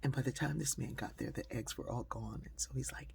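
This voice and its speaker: A woman tells a personal story in a relaxed, conversational way, pausing on fillers as she goes. Her voice is husky and gravelly, with plenty of fry. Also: a bass voice, whispered. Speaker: speaker telling a personal story. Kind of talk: storytelling monologue.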